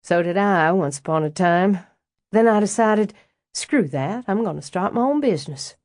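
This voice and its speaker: A woman's voice: mid-range voice, animated, normal speed, darkish tone, no room sound, studio quality, lightly acted. A woman voicing Roz, a frank, wry and elegant older estate owner with a Southern accent, in an audiobook reading. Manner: blunt and dryly amused.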